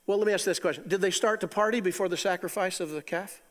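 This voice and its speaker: Middle-aged male preacher, high-voiced, animated, loud bursts and soft asides, long hall reverb. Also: quick pace, hardly any pauses. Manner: animated, swings from loud exclamations to quiet asides, chuckles. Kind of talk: sermon.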